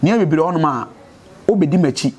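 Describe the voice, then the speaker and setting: Fast-talking Ghanaian man, earnest testimony. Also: a little high, lively intonation, darkish tone, husky. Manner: earnest, preachy about faith and change. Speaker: interviewee. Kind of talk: street interview in Twi and English.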